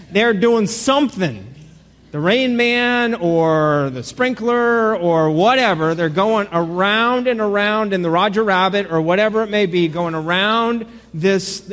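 High-voiced joking preacher in a reverberant hall. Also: male voice. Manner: animated, joking, many repeated starts. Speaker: pastor. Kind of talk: sermon.

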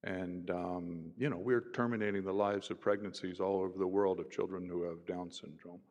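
A man, a university professor, telling stories in an animated conversational way and voicing the people in them. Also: sits low, normal speed, highs cut off. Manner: animated, voices others in his stories. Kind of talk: conversational storytelling. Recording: roomy with long reverb.

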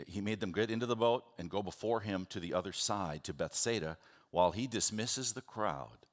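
A male pastor delivering a sermon with a somewhat low-pitched voice. He tells the scripture passage as a lively story, slipping into the characters' voices, with conversational asides and restarts. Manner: animated storytelling, acts out biblical voices.

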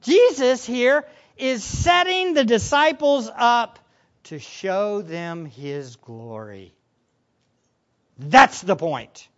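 Male pastor, animated sermon delivery, lively pitch, dull lo-fi recording. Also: very slow. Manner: animated, acts out voices of disciples with sudden loud bursts.

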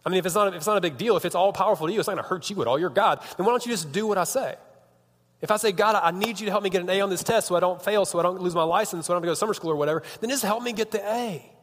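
A man's voice: high voice, racing. A man in his thirties giving a casual, joking sermon as a youth pastor, chatty and often breaking off mid-sentence. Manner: chatty, joking, self-interrupting. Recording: long reverb of a large hall.

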